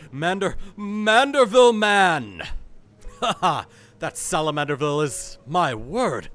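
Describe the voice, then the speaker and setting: A man hamming up a pompous gentleman inspector. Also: high voice, pitched above the performer's own voice, heavily acted. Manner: grandiose, over-the-top dramatic delivery. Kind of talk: fan voice-over of game dialogue.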